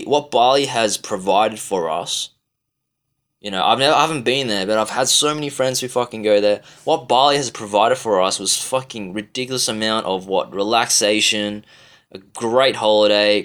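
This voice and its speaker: A man's voice: fairly low pitch, a bit bright. An Australian man delivering a rambling, profane, exasperated rant to camera, full of fillers and restarts. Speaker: vlogger. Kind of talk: ranting monologue.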